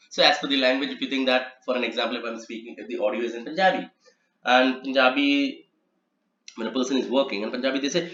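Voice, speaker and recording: A man's voice: mid-range voice, fast talker, bright, forceful tone. Man teaching in an echoey room. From India. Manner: explanatory, repeats and spells out examples. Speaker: transcription trainer. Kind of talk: instructional lecture. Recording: echoey, slightly muffled room recording.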